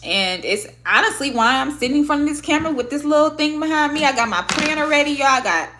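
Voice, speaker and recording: A woman's voice: high voice, fast talker, noisy background. A woman from Michigan, talking candidly and with plenty of swearing as she vlogs to camera. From Michigan, USA. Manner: candid, profane, expressive. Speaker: vlogger and podcaster. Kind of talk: casual talk to camera. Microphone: own microphone at a desk setup.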